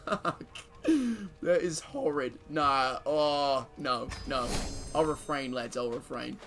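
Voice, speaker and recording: A man's voice: mid-range voice, fairly even intonation, takes it slowly, long pauses, fairly bright tone. A man giving casual gameplay commentary, joking and swearing and reading game events aloud. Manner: casual, profane, joking banter with frequent laughter. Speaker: streamer.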